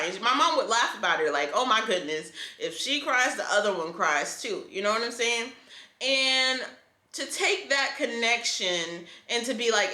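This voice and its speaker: A woman's voice: a little high, pushed and bright, roomy sound. A woman in her twenties telling a personal story to camera in a candid, emotional, conversational way. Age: 20s. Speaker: vlogger.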